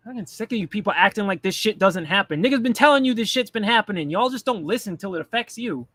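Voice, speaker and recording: A man's voice: high-pitched, lively intonation, fast talker, fairly bright tone, no echo. A man ranting bluntly and profanely in casual political commentary, mocking the people he talks about. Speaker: commentary streamer.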